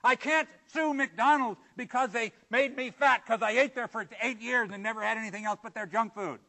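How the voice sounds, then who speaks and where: A man preaching a sermon, swinging between loud, emphatic points and quiet, low asides. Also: moderate pace, poor audio.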